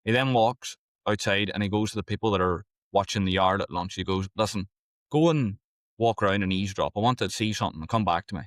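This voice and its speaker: Male podcast host, low-set voice, quick storyteller; dry close-miked sound. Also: no room sound. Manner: storytelling, quick and animated retelling. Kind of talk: casual conversation.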